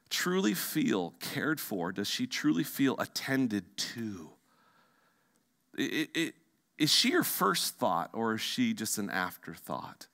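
A male pastor preaching a sermon in a church, animated and emphatic at times, then dropping to hushed, quiet tones. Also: fairly low pitch. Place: church sanctuary.

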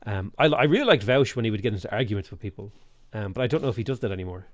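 A man's voice: lowish voice, animated, racing, dry recording. A man from Ireland chatting casually on a live stream while playing a strategy game and reading chat, rambling and often repeating words as he thinks.

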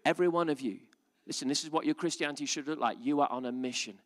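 A man preaching a live sermon to a church audience. He moves between joking asides, quiet reasoning and loud, emphatic calls. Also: a little high, fast. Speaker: pastor.

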